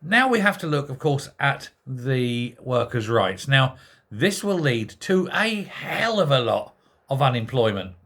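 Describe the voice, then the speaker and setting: A man's voice: medium pitch, sing-song, measured pace, fairly bright tone. A man hosting a sarcastic, exasperated political commentary monologue full of rhetorical questions. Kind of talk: ranting monologue.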